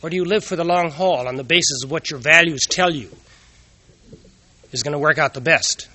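A man's voice: a little high, fairly quick, bright, forceful tone, no echo. A man giving an earnest moral talk, telling personal anecdotes and asking rhetorical questions.

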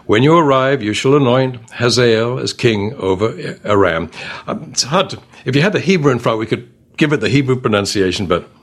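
A man teaching a Bible study class, reading scripture aloud with expression and putting questions to the group. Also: mid-range voice.

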